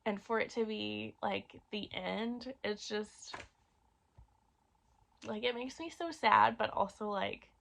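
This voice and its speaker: With a medium, fairly bright, creaky voice, this book reviewer talks slowly and casually about romance novels she read. She's chatty, leans on many fillers, and turns emotional discussing a favorite series.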